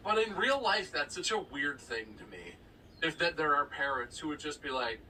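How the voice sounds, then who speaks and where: A man co-hosting a podcast in casual chat, jokey and quick to riff. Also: on the high side, big pitch swings, pushed and bright, recorded from a distance, slight background noise, poor audio. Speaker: podcast co-host.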